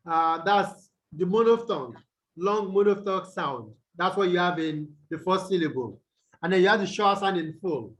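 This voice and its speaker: Over poor audio, a Nigerian man with a high, somewhat bright voice teaches English through a video call as an online tutorial lecture. He repeats his points and quizzes his students with "what?" prompts.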